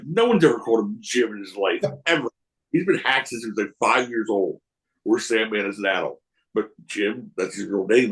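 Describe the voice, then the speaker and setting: A man's voice: lowish voice, poor audio. A man guesting on a podcast, telling casual stories in a rambling way, with frequent restarts, acting out the voices of people in them. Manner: animated, acts out voices in his anecdotes. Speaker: wrestling promoter guest. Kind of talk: casual storytelling.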